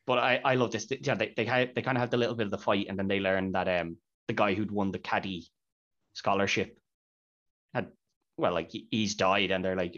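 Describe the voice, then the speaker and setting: Brisk and steady, this podcast host has a fairly low pitch and a fairly bright tone. He talks casually about a movie, recounting scenes with quoted lines, and the recording sounds dull and lo-fi.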